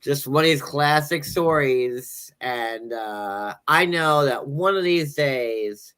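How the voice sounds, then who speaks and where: A man's voice: mid-range voice, slow, sharp tone, clean tone. A man hosting a casual podcast chat, rambling and joking with lots of filler words. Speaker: show host.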